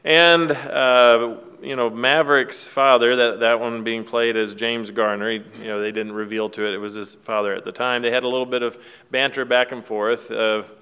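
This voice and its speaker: A man's voice: mid-range voice, fairly even intonation, normal speed, bright, forceful tone, smooth. A man giving a casual devotional talk, retelling a film scene in a folksy, rambling way with fillers and restarts. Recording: long hall reverb.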